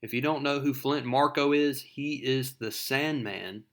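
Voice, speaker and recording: Give me a man with an average-pitched voice recapping a comic book in a relaxed, chatty way. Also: unhurried. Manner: conversational storytelling with fillers.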